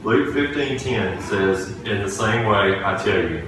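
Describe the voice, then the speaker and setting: A man's voice: on the low side, unhurried, over music. A man preaching a sermon in a church, telling a personal story earnestly and restarting phrases as he goes. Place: church sanctuary. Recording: echoey room, distant from the mic.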